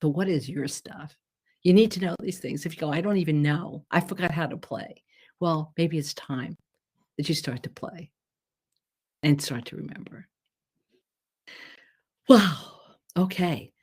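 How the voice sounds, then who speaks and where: A woman teaching energy healing in a casual, chatty talk, animated and quick to laugh. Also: deep voice, husky. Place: West Coast.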